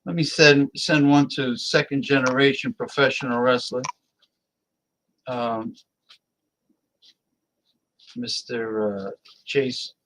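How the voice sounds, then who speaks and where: A man hosts a casual live-stream talk show and speaks at an unhurried, drawn-out pace. He rambles and mutters half to himself as he invites guests. His voice sits at an ordinary middle pitch. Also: fairly bright tone, slight background noise, poor audio.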